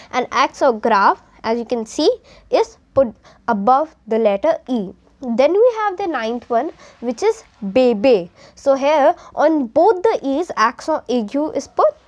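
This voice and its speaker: A young Indian woman teaching a beginner French lesson, explaining step by step and mixing Hindi with English. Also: high-pitched.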